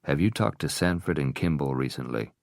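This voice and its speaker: A man's voice: rumbling low, expressive, a little fast, creaky, a little mellow, no echo, clean studio sound, exaggerated voice. A man doing a nervous, subdued husband. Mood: uneasy. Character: nervous, embarrassed middle-aged husband.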